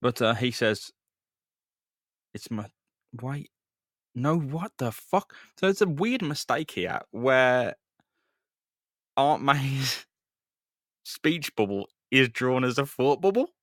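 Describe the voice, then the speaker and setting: Slow and expressive, with long pauses, this young man's mid-range voice comes through a dry, studio-quality recording. Co-hosting a podcast, he recaps a comic book in casual, sweary banter, veering from mumbles to loud outbursts.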